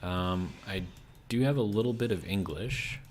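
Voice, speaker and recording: A man's voice: sits low, unhurried. An American man chatting casually on a live stream, rambling with lots of fillers while he reads out chat messages. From United States.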